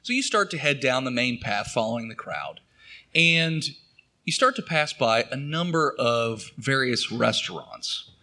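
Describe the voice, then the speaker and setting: Animated man running a tabletop game. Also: mid-range voice, unhurried. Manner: descriptive, with hesitant fillers. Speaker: game master.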